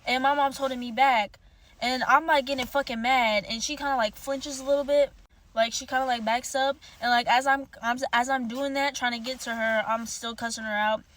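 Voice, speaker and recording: A woman's voice: high-pitched, fairly even intonation, brisk, fairly bright tone. A young woman telling a storytime monologue, heated, profane and rambling.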